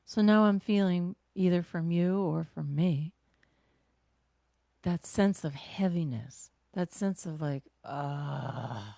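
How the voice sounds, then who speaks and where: Woman self-care teacher, gentle guided-breathing delivery, unhurried, dry close sound. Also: lowish voice, dry recording. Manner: gentle, conversational, with sighs and exhales.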